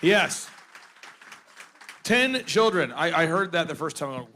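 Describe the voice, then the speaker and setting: A man's voice: on the high side, big pitch swings, measured pace, pauses often, pushed and bright, a little hiss or hum. A man from Minnesota hosting a live event, joking and teasing the crowd between introductions. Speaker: event host. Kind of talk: live emcee banter.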